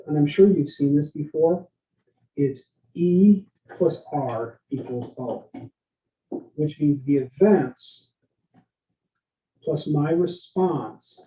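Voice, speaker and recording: A man giving a leadership workshop, energetic and interactive, often asking his listeners questions and tagging lines with "right?". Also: on the high side, slow pace, long pauses. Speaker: leadership speaker. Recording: roomy, dull lo-fi sound.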